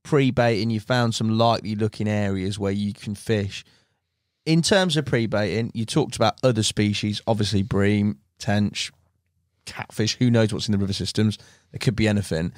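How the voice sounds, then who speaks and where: Male podcast host, low voice, dry close mic, matey and chatty. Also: no room sound. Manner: matey, quick questions and short encouraging replies. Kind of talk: casual interview chat.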